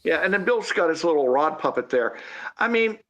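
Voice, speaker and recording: A man's voice: fairly high pitch, animated, a little fast, fairly bright tone, dull audio. A man chatting casually as a podcast co-host about a monster movie, laughing often and sounding incredulous. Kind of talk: casual movie review chat.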